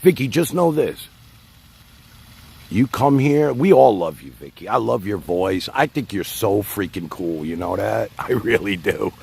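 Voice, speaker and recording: A man's voice: lowish voice, expressive, unhurried, gravelly, a little mellow, slight background noise. A man hosting his own livestream, rambling casually and talking straight to his chat. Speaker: livestream host.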